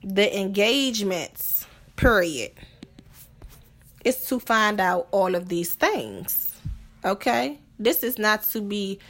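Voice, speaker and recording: This is a blunt, cursing woman who hosts a podcast, musing casually on relationships and asking rhetorical questions. She goes slowly, with lively intonation in a medium-pitched, fairly bright voice.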